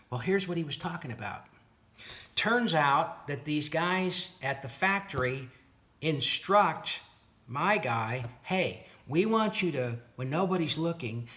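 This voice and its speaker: A man telling a long story about a dispute over his boat motors, reenacting both sides of the talk and sounding fed up and incredulous. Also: on the high side. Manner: animated retelling with exasperated, incredulous asides. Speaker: boat owner recounting a dispute. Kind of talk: casual storytelling to camera.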